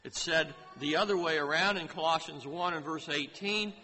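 A man preaching a sermon in a slow, deliberate way, lifting his voice to stress key phrases. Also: fairly high pitch, bright, forceful tone. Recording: hall reverb with faint ambient noise.

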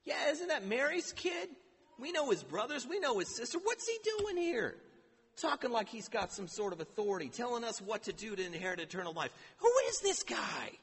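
A man's voice: extremely high pitch, big pitch swings, fairly quick, vocal fry, a bit bright, breathy edge, in a large hall, heavily acted. A man doing scoffing small-town neighbors. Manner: mocking, incredulous.

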